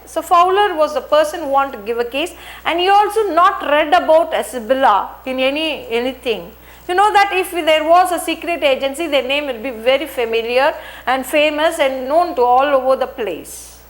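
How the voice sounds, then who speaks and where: Give me a high-pitched woman teacher walking her class through a story, repeating each line in plainer words. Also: lively intonation, normal speed. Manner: reads a sentence, then retells it in simple words with restarts and fillers. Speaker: English teacher. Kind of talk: explaining a textbook story.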